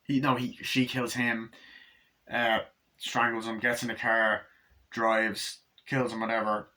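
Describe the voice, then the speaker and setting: A man's voice: medium pitch, level tone, unhurried, bright, forceful tone, rough recording. A man recapping a movie in a rambling, profane way, full of fillers and restarts. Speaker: movie reviewer.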